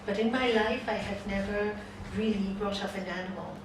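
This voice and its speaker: A woman's voice: medium pitch, normal speed. A woman yoga teacher giving a spiritual talk, telling a story and acting out the voices in it. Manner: animated storyteller, acts out the voices in her story. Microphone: distant room mic. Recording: echoey hall from far off, noisy ambience.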